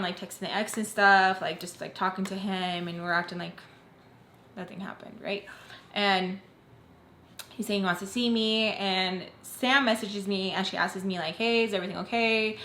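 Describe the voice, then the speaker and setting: A woman's voice: medium pitch, fairly even intonation, moderate pace, pushed and bright. Young female vlogger, rambling casual storyteller, roomy echo. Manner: chatty, heavy use of "like", acts out quoted voices.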